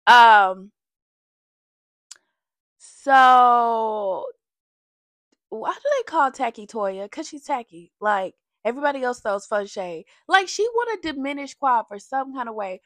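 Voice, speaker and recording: A woman giving a casual, sassy recap of a reality TV show, animated and full of slang, jumping between topics. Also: a little high, moderate pace, few pauses, no echo.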